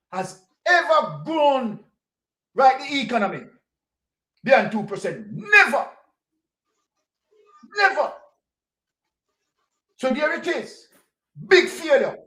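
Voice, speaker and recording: A fiery Jamaican-accented commentator delivers an impassioned political rant, hammering home each point with repetition and challenging questions. The delivery is deliberate and unhurried, and the voice carries a noticeable echo from the room. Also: medium pitch, a bit bright. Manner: fiery, repeats points, fires rhetorical questions. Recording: roomy echo.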